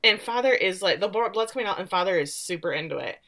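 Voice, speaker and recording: Middle-aged woman, co-host, bright tone; animated casual recap. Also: medium pitch, quick pace, slight background noise. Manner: animated storytelling, acts out quotes with laughs. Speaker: podcast co-host recapping a show.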